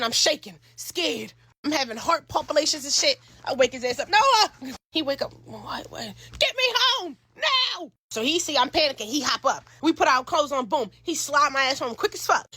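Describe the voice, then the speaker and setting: Brief: young adult woman, animated casual storyteller, husky and a little high. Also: no room sound. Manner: animated, profane and slangy, acts out the scenes.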